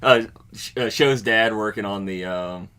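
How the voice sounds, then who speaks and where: A young man on a comedy podcast, pitching a made-up sitcom in a halting way with many fillers. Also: bright, forceful tone, clear, resonant tone. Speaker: podcast co-host. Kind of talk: casual comedy chat, pitching a sitcom idea.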